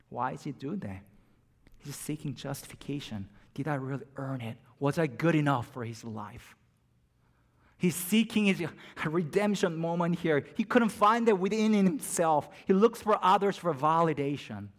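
Preacher swinging from hush to fervor. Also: male voice, fairly high pitch, expressive, moderate pace. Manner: dynamic, drops to near-whispers and rises to emphatic peaks. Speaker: pastor. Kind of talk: sermon.

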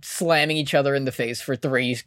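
A man chatting on a podcast, recapping a show with lively, animated retellings. His voice sits close and dry on the mic, with no room sound around it. He is mid-pitched for a man. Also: a little fast, no echo. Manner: animated retelling, acting out characters' lines. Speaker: podcast co-host. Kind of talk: casual recap chat.

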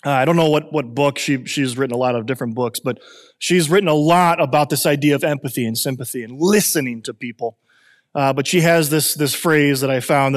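A man in his thirties preaching a sermon as pastor, animated and conversational, with restarts and jokes. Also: high-pitched, in a large hall.

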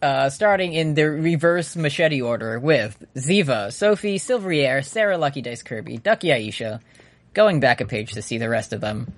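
Jokey podcast host with a lively voice. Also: medium pitch, moderate pace, dry recording. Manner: jokey, laughs often, rattles off long name lists. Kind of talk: casual podcast outro.

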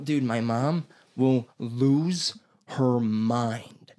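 A man's voice: medium pitch, expressive, moderate pace. A young man telling a story in casual chat, rambling, swearing often and acting out what people said. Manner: rambling, swears a lot, acts out quotes.

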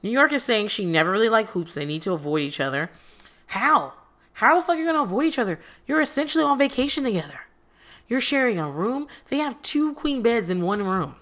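A woman's voice: on the high side, very animated, brisk, fairly bright tone. A woman recapping a reality dating show in casual commentary, sarcastic and profane, with exasperated asides.

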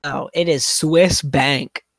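A man's voice: on the high side, fairly even intonation, slow pace, creaky, a bit bright, no room sound. Man, podcast co-host, casual hesitant talk, lots of fillers, dry close sound. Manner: hesitant, many likes and you-knows. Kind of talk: casual fantasy basketball chat.

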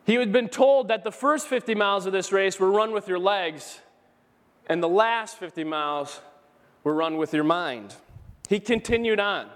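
A man preaching a sermon as pastor, telling a story with animated, emphatic rises. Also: high-pitched, normal speed. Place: church sanctuary. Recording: church hall with long reverb.

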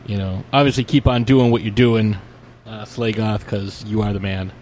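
A man's voice: on the low side, fairly even intonation, moderate pace, a little mellow, slight background noise. A man hosting a podcast in casual chat, rambling easygoing with many ums and uhs. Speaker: podcast host.

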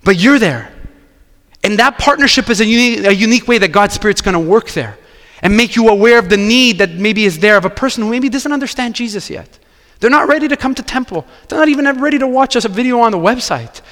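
High-voiced pastor preaching. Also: male voice, quick pace, big-room sound. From Quebec. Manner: animated storytelling, acting out dialogue. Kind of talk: sermon.

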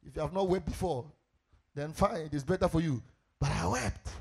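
A Ghanaian man preaching a sermon as pastor, asking the congregation questions and rising into shouted, sing-song swells. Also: on the high side, a little fast, creaky, slightly rough.

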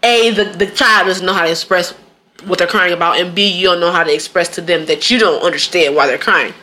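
A woman's voice: lowish voice, fairly quick. A young woman co-hosting a casual podcast, telling family stories with lots of laughter and acted-out quotes. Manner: animated storytelling, laughs often, acts out quotes. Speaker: podcast co-host.

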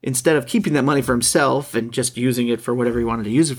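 A man co-hosting a casual film discussion, halting and restarting as he searches for his words. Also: mid-range voice, breathy edge. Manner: halting, repeats words while searching for thoughts. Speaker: podcast co-host.

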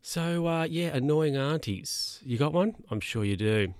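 A man's voice: on the high side, lively intonation, measured pace, a little mellow, dry recording, clean studio sound. A man telling stories casually to camera as a vlogger, rambling and chatty. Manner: rambling, chatty, with mock-quoted voices.

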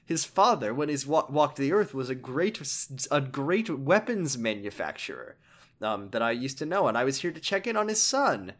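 A man's voice: mid-range voice, very animated, moderate pace. A man doing a formal old martial arts master. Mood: grand, formal. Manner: formal, grandly polite.

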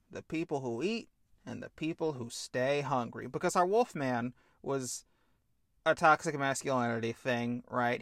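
A man co-hosting a podcast, pitching a film idea in an animated, casual chat and swearing freely. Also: no room sound, studio quality. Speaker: podcast co-host.

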